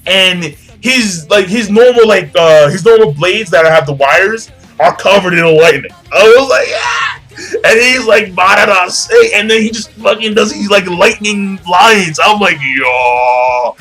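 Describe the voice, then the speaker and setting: Bright-voiced young man rambling excitedly. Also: high voice, normal speed, hardly any pauses, breathy edge, faint music behind. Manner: rambling, heavy on fillers and profanity, bursts of shouting. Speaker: anime reviewer. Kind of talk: excited casual recap.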